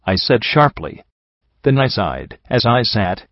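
A man reading a first-person fan fiction story aloud in a wry, even manner. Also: medium pitch, a little slow, no room sound, muffled recording. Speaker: audiobook reader.

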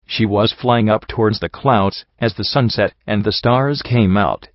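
A man's voice: on the low side, measured pace, dry recording. A man reading a first-person story aloud, with dry, wry asides. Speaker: audiobook narrator. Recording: dull lo-fi recording.

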